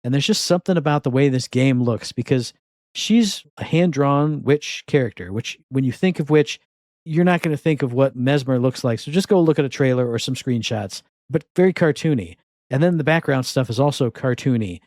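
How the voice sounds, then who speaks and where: A man's voice: mid-range voice, normal speed, darkish tone, no echo. A man with a mid-range voice co-hosts a casual podcast, chatty and wry as he runs through new game releases. His voice sits dry and close to the mic with no room sound. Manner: chatty, wry, self-deprecating. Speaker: podcast co-host.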